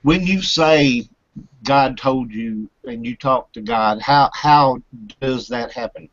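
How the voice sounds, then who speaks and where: A man's voice: mid-range voice, takes it slowly, no room sound. A man hosting a radio show, asking his guest questions in a hesitant, apologetic way. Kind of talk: interview questions. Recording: dry, muffled lo-fi audio.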